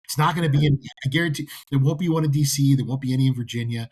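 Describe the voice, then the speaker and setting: A man's voice: mid-range voice, racing, darkish tone, husky. A man co-hosting a casual trade podcast, joking and playfully dramatic, from the American South. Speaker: co-host.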